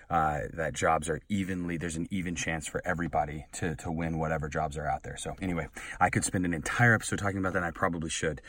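Brief: man with a very low, deep voice, earnest rambling vlog talk, sitting back from the mic in a dead, dry booth. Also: fairly bright tone, no room sound, distant mic. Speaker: professional voice actor. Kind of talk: casual vlog chat. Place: small recording booth.

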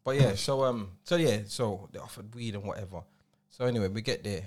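Man in his forties, London accent, casual podcast chat, animated storyteller, acts out quotes. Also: fairly low pitch, brisk. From England. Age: 40s. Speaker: podcast co-host and DJ.

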